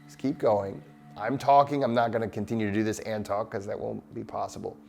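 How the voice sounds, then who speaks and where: Calm low-voiced man guiding breathing. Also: gravelly, a little hiss or hum. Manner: slow, soothing, encouraging. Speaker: breathwork host. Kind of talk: guided breathing exercise.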